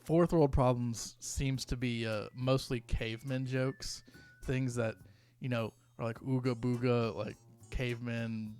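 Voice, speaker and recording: Young male YouTuber, mid-pitched, rambling comedic commentary with stumbles, faint music underneath. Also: steady tone, slow pace, a little mellow, clean tone. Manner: rambling, self-interrupting, reads posts aloud.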